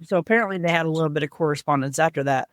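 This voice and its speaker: A woman guest on a podcast, earnestly retelling a personal family story and voicing the people in it with lively shifts. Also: sits low, racing, no room sound, studio quality. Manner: earnest, animated retelling with lively voiced quotes.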